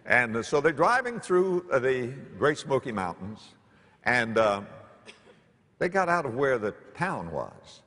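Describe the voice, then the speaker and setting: A male preacher telling stories from the pulpit, his voice leaping from hushed lows to ringing highs. Behind him is the long reverb of a large church sanctuary. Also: unhurried. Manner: animated, dramatic swings in pitch and loudness. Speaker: pastor. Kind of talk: storytelling sermon.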